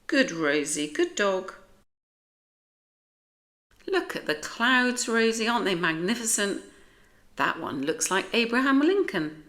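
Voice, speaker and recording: A woman's voice: fairly low pitch, big pitch swings, takes it slowly, fairly bright tone, full character voice. A woman with a British accent voicing a cheerful grown man who owns a dog, talking eagerly and exclaiming.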